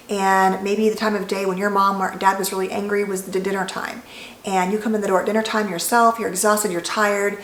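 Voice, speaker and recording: Calm, gentle woman psychologist in a roomy space. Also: medium pitch, a little hiss or hum. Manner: calm, gentle, reassuring guidance. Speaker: licensed psychologist. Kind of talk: educational talk to camera.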